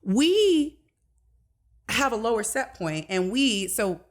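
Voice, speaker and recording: A woman's voice: mid-range voice, expressive, normal speed, fairly bright tone. A woman from Detroit, a life coach, telling her story with passion on a casual podcast interview.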